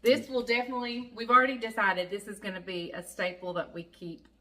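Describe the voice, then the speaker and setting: A woman's voice: medium pitch, little pitch movement, a little fast, bright, forceful tone. A woman with a Southern US accent hosting a casual home cooking vlog from her kitchen, chatty and folksy, laughing often. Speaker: cooking channel host.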